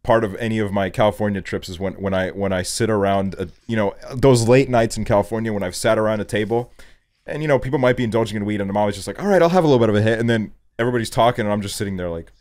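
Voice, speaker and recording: A man's voice: fairly low pitch, racing, no room sound. A young man hosting a podcast, chatting loosely with lots of swearing and playful self-quotes. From Estonia. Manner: loose and profane, animated when quoting himself. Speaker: podcast host. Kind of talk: casual chat.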